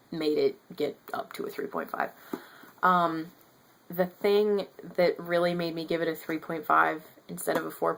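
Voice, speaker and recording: Young woman in her 20s chatting through a book review, low voice, lots of ums. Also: gravelly, fairly bright tone. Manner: chatty, thinks aloud with many fillers. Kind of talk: casual book review vlog.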